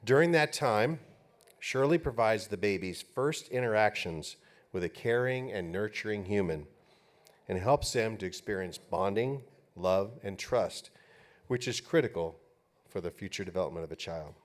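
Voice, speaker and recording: A man serves as master of ceremonies at an awards banquet. He reads honoree introductions in an upbeat, lightly joking way, with a somewhat low voice. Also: lively intonation, moderate pace. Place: banquet hall.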